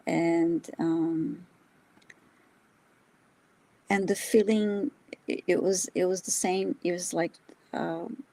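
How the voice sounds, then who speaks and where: A woman co-hosting a live psychic reading, speaking softly and hesitantly with many ums. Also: fairly low pitch, steady tone, slow, creaky, pauses often, no echo, poor audio. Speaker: psychic reader, co-host.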